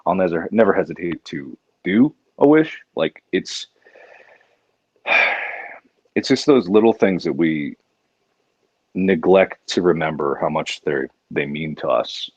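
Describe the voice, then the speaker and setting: Animated man hosting a charity stream. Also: measured pace, long pauses, breathy edge, dry recording, dull audio. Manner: animated, jokey, jumps into high exaggerated outbursts. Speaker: livestream host. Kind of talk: casual charity livestream chat.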